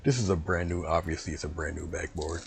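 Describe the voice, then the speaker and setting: Deep rough-voiced guy talking through his painting, rambly and relaxed. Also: fast, very noisy. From US East Coast. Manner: rambling, chatty, talks to himself while working. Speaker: painting instructor. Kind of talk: casual painting demo.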